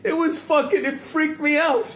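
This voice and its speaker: A man's voice: very high voice, flat delivery, normal speed, fairly bright tone, roomy sound, a little hiss or hum. A man hosting a podcast, teasing and blunt in casual chat, swearing freely. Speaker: podcast host.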